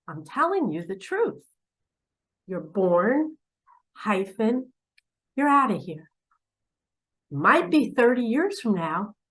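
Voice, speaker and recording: A woman spiritual teacher speaks directly to the camera, slowly and dramatically, swinging from loud urging to hushed asides. She's preachy and poses pointed questions to the listener, her voice mid-range on a rough recording.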